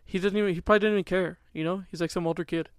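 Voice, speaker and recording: A young man with a fairly high, smooth voice tells a story fast on a podcast. His delivery is chatty and eager. The sound is dry and close. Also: fairly even intonation, no echo. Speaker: podcast co-host. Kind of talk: casual chat.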